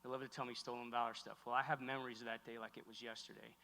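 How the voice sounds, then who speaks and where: Middle-aged man, keynote speaker, bright and forceful tone, echoey hall, halting heartfelt delivery. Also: medium pitch, little pitch movement, vocal fry. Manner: halting, heartfelt, many restarts. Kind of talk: emotional keynote speech. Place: large hall on stage.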